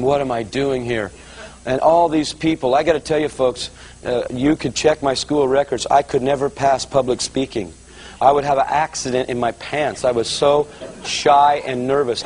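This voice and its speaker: A middle-aged man delivers a testimony sermon, telling his conversion story and addressing the listeners directly in a storytelling manner. His mid-range voice is a little mellow, and the audio is poor, with a little hiss or hum.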